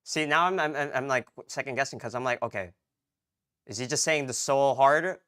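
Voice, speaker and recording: A man's voice: mid-range voice, normal speed, pushed and bright, no room sound, studio quality. A young man streaming his Japanese practice, chatting casually to himself, stammering and rambling as he second-guesses himself. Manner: stammering, rambling, self-deprecating. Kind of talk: casual self-talk while practicing.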